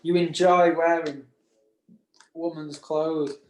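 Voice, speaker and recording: A man's voice: fairly high pitch, little pitch movement, slow pace, slight background noise. Rambling man in an echoey room. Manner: rambling, laughs often, many restarts. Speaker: podcast co-host. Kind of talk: casual chat.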